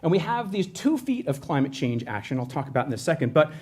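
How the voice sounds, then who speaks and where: A man's voice: fairly high pitch, sing-song, fast, darkish tone, slightly rough. A man presenting for a state environmental agency, talking in a conversational way with frequent restarts and self-corrections. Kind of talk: educational presentation.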